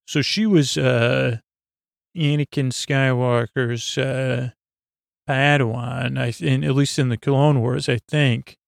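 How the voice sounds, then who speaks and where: Gravelly man rambling through a recap. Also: medium pitch, no room sound, studio quality. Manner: meandering, loses his place, many fillers and restarts. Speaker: podcast host. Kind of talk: rambling sleep podcast recap.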